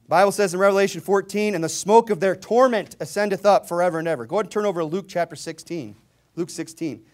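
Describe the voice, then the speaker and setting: A man in full sermon mode, his voice set a little higher than most men's. He drops to quiet, mocking asides, then climbs into loud, emphatic shouts as he reads scripture aloud. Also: fast. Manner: mocking, mimics opponents' views. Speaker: preacher.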